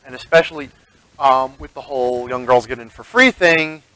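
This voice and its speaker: A man's voice: medium pitch, normal speed, bright, forceful tone, low-quality recording. A man serving as game master, narrating a tabletop game in a rambling, chatty way and laughing often.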